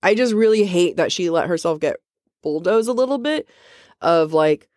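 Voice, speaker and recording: A woman's voice: fairly low pitch, animated, normal speed, a little mellow, no echo, clean studio sound. A woman co-hosting a podcast, tipsy, chatting casually and laughing a lot as she rambles. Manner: giggly, laughs often, rambling. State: drunk. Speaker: podcast co-host.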